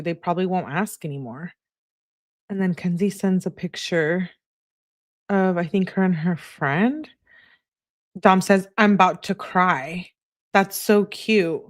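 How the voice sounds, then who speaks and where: A woman's voice: fairly low pitch, unhurried, long pauses. A woman hosting a true crime channel, reading text messages aloud in an easygoing way and chatting to her viewers between them.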